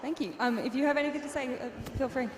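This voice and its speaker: A woman's voice: high-pitched, fast. A woman co-presenting an awards night, reading finalists and asking winners questions with some stumbling. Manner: hesitant, repeating words when improvising. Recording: echoey hall, busy crowd behind.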